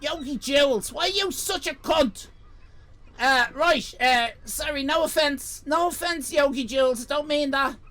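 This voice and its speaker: Irish guy streaming, shouty and sweary, high bright voice. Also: a little slow. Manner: loud, profane ranting and shouting; comic exasperation. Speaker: livestreamer. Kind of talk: live stream chat.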